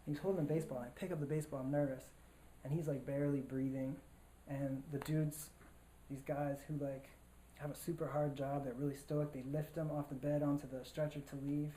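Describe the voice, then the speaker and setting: A man's voice: fairly high pitch, flat delivery, fairly quick, dark tone. A man telling a personal story to a live audience in a casual, slangy way, full of fillers and restarts. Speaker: storyteller on stage. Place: stage in front of an audience. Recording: roomy hall echo, faint room noise.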